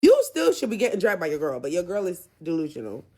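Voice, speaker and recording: A woman's voice: fairly low pitch, wildly swooping pitch, quick pace, dark tone, slightly rough. A woman giving a casual, sassy and blunt recap of a reality show, chatty and opinionated. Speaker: recap vlogger.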